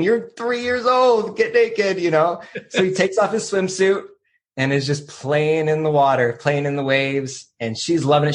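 A man on a podcast telling a personal story in a loose, reflective way, with many fillers. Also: mid-range voice. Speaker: podcast co-host.

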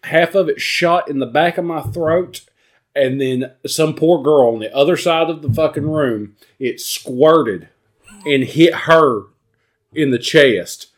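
A man telling a wild story in casual chat, profane and animated, jumping into high voices when quoting people. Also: takes it slowly.

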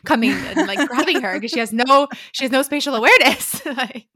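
A woman's voice: animated, fairly quick, sharp tone. A woman co-hosting a book podcast, chatting casually and laughing often as she acts out lines from the book. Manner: laughs often, quotes characters in lowered voice. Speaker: podcast co-host.

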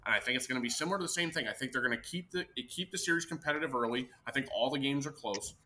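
A man's voice: medium pitch, rapid-fire, sharp tone. A man co-hosting a casual sports podcast, arguing hard for his predictions. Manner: argumentative, defends his picks. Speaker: podcast co-host.

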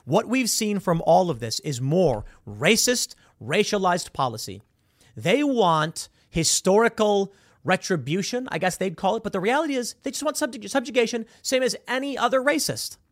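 A man hosting an opinion commentary show, talking in a sarcastic, mocking and animated way about a video. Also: high-pitched, moderate pace, no echo, studio quality.

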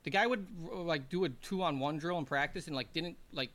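A man's voice: on the high side, normal speed. A man, a former hockey player and guest, telling rambling, laughing anecdotes in a casual chat. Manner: rambling, laughing, animated anecdotes with put-on quotes.

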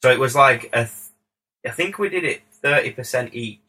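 A man, a music producer, tells a story in lively, casual chat, swearing freely and acting out what people said. His voice is bright and forward with a husky grain. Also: medium pitch, a little fast, rough recording. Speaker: music producer, podcast guest. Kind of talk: casual anecdote.

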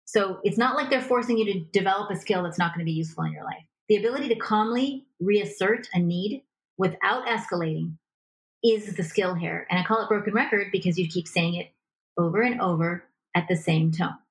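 Animated woman giving relationship advice. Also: mid-range voice, fairly quick, low-quality recording. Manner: animated, acts out example dialogue. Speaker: relationship coach, guest. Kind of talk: conversational advice in a podcast interview.

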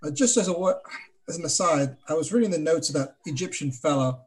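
A man's voice: on the high side, lively intonation, fast talker. A man playing a tabletop horror game, rambling and hesitant, with many fillers. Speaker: player. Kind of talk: in-character tabletop play.

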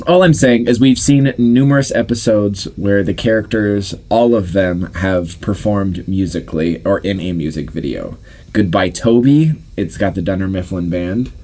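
A man's voice: sits low, normal speed, few pauses, dark tone. A man co-hosting a casual podcast debate, laughing often and rambling with restarts. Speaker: podcast co-host.

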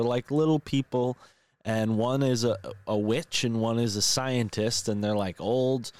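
Man, low voice, casual rambling recap, dry close sound. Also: a little mellow, no echo. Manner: rambling, many fillers and restarts. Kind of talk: casual film recap chat.

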